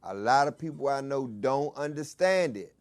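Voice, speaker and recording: A man from Washington DC hosting his own talk show, shouting hype calls at times but mostly chatting in a relaxed, low-key way. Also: moderate pace. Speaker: host. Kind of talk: casual talk show monologue.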